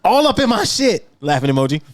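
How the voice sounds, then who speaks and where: A man guesting on a podcast, reading a listener's story aloud in an animated way and laughing often. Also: sits high, quick pace, dry recording.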